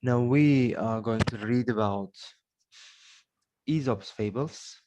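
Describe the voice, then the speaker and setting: Speaking slowly in a mid-range, slightly mellow voice, a man with an Uzbek accent teaches an English grammar lesson. He goes step by step, repeating each example before translating it into Uzbek.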